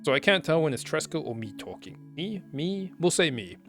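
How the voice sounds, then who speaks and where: A man's voice: fairly high pitch, very animated, fairly quick, fairly bright tone, faint music behind. A man reading a story game's text aloud, stumbling over words and breaking off to comment.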